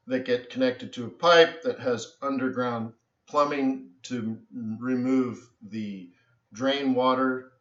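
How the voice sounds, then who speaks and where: Man, live-stream host, rambling stories, tired, bright voice, echoey lo-fi sound. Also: medium pitch. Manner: animated storyteller, says "so anyways" often, trails off. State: tired from little sleep. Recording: echoey room, dull lo-fi sound.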